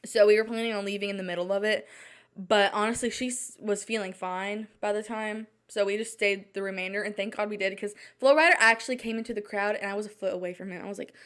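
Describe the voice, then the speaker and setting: A young woman talks alone into her podcast mic late at night, her voice at a middling pitch. She rambles and restarts, leaning on "like" as nerves keep getting the better of her. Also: fairly even intonation, quick pace, fairly bright tone, smooth. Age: young adult. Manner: rambling, flustered, many "like" fillers and restarts. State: anxious and shaken. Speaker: podcast host. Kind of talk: casual solo chat. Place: at home at night.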